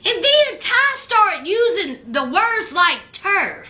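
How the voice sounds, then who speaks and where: A woman's voice: very high voice, big pitch swings, takes it slowly, bright, forceful tone. A woman giving a casual recap of a reality show, sassy and speaking straight to her viewers.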